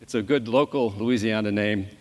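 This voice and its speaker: Halting man moderating in a reverberant hall. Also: lowish voice. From New Orleans. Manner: halting, many fillers and restarts. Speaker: panel moderator. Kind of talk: conference panel introduction. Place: large conference hall.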